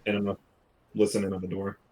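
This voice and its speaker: A man's voice: sits low, monotone, rapid-fire, a little mellow, poor audio. A man playing a tabletop game, talking in a casual, joking way and swearing now and then. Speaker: player.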